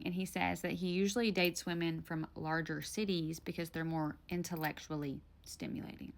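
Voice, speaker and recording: A young woman from Tennessee with a Southern accent, telling a casual storytime in an animated, exasperated, blunt way. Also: fairly low pitch, normal speed, creaky, few pauses. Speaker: storytime vlogger.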